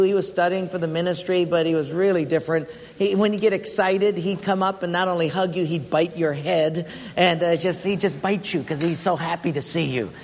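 High-voiced preacher telling a comic story. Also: male voice, a little hiss or hum. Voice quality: animated, comic storytelling with many fillers. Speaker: pastor. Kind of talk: storytelling sermon. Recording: long echo of a large hall, faint ambience.

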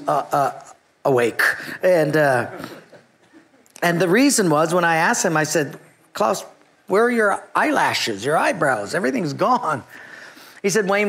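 Animated pastor telling a story. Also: male voice, on the high side. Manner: animated storyteller, acts out his own past thoughts. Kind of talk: sermon with personal story.

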